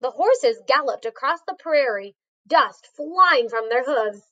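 A woman's voice: high voice, expressive, a little slow, pushed and bright, highs cut off. A woman reading a storybook aloud, carefully, with a few small slips. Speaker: reader.

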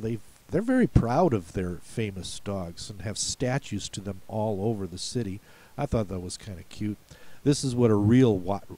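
A man's voice: fairly low pitch, mellow. A man from the United States patiently explaining word pronunciations for a spelling lesson, in a folksy, step-by-step way. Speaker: spelling bee coach.

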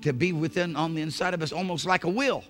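A male pastor preaching a sermon in church, swinging from hushed, intimate phrases to shouted emphasis. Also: fairly high pitch, quick pace. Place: church sanctuary.

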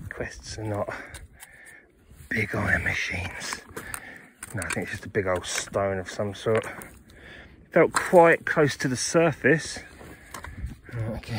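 Man, casual detecting vlog, swinging intonation, chats to finds and viewers, outdoor noise. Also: mid-range voice. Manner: chatty, talks to finds and to viewers as friends. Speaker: metal detecting vlogger. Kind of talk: casual running commentary to camera. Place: outdoors in a ploughed field.

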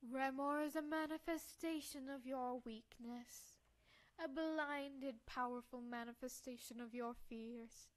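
A sinister old doctor, calm and cold, speaking with smug assurance about dark deeds, as a woman reading a game puts him on. His voice stays level and assured. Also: high-pitched, a little slow.

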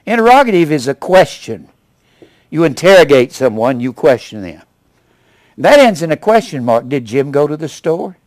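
An older male pastor in his seventies delivers a sermon with a wide-swinging, animated voice. He punches key words loudly, then drops to low, quiet asides. The sound is close and dry. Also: moderate pace, no echo. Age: 70s. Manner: emphatic preaching, rising to loud punches then dropping low.

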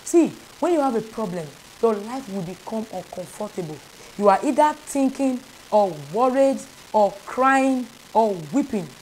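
A woman's voice: fairly high pitch, animated, measured pace, darkish tone, a little hiss or hum, poor audio. A woman spiritual advisor, preaching in an earnest, repetitive, prayerful way. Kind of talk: preaching spiritual instruction to camera.

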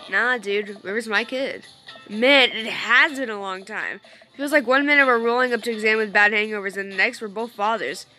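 A woman's voice: fairly high pitch, normal speed, sharp tone, faint music behind. Woman reading as a laid-back bro dad. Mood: friendly. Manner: easygoing, says dude and bro.

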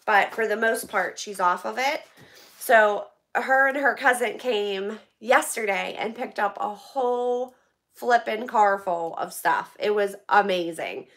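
On a live stream, a middle-aged American woman chats eagerly with viewers as she opens packages people donated. Her pitch is medium and her pace a little slow.

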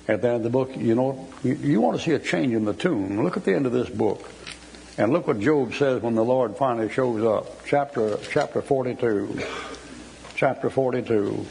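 Older man, Southern US accent, gravelly, dark and mellow voice, folksy Bible study preaching. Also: medium pitch, rough recording. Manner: folksy Southern preaching, quoting scripture with emphasis. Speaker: Baptist preacher.

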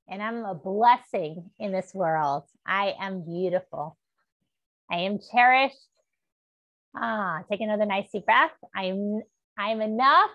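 A woman teaching a gentle stretch class, encouraging and upbeat, leading spoken affirmations. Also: mid-range voice, unhurried, dry recording, muffled recording. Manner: upbeat and encouraging, with laughs and cheers.

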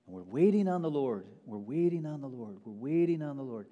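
A male pastor preaching a sermon, telling a story in a hush and then building to loud preaching. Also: medium pitch, big pitch swings, fairly quick, highs cut off. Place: church sanctuary. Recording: long hall reverb.

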